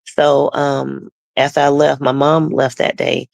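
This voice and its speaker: A woman shares her personal faith testimony as a guest, voicing the people in her story as she goes. Her voice is deeply gravelly and full of fry. She often loses her words and starts sentences over, and the sound is dry, with no room echo. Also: flat delivery, unhurried, darkish tone. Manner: storytelling, acting out the other people's lines in the story.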